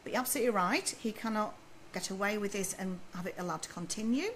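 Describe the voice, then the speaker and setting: A woman's voice: medium pitch, fast talker, fairly bright tone, a little hiss or hum, low-quality recording. A woman who works as a baby sleep consultant, answering viewers' questions in a chatty, reassuring way on a live video stream. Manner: reads questions aloud and advises in a chatty, reassuring way.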